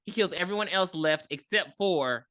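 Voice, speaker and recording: A woman co-hosting a podcast, recapping a horror movie in a casual, profane, animated way with acted-out quotes. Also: lowish voice, normal speed, no room sound, studio quality. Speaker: podcast co-host.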